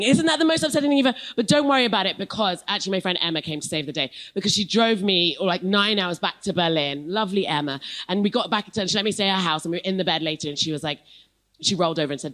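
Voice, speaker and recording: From England and in her thirties, this posh-RP-accented comedian races through a stand-up set, then joins a casual interview as a guest with wry self-mockery. Her voice is lowish and a bit bright, with lively intonation.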